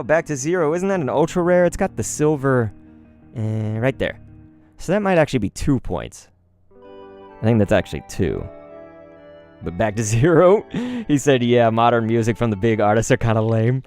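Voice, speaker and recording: Hyped and full of slang, a young streamer chats directly with his viewers as he opens trading cards. He speaks at a medium pitch.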